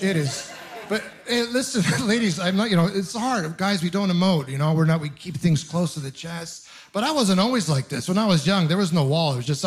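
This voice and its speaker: A young man from Canada doing a stand-up comedy set on a club stage, telling rambling, self-deprecating stories with animated asides. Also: fairly high pitch.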